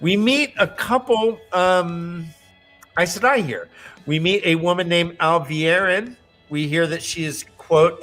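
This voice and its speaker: Man, podcast host, rambling jokey recap, slightly high voice, faint music behind. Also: a little slow, fairly bright tone. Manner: joking, rambling, swears casually. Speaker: podcast host summarizing chapters. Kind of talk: casual book discussion.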